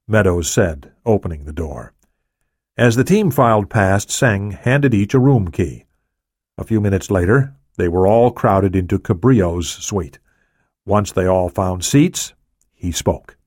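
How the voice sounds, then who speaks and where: A man narrating an audiobook in a steady, even reading. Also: low-pitched, measured pace, dry recording, studio quality.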